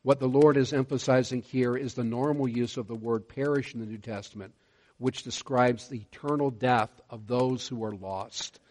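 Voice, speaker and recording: A man preaching a sermon, earnest and measured, slowing down to stress key words. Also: medium pitch, fairly even intonation, darkish tone. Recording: long hall reverb.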